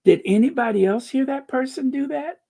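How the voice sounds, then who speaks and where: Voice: high voice, a little fast, vocal fry, mellow. A channel host giving casual commentary and reading out viewer comments, drawling and sarcastic with playful wordplay asides.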